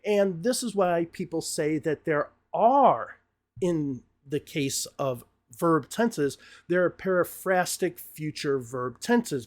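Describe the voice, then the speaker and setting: A man's voice: on the high side, lively intonation, takes it slowly. Patient man teaching English grammar. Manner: patient, explaining step by step with examples. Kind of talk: explanatory grammar lesson.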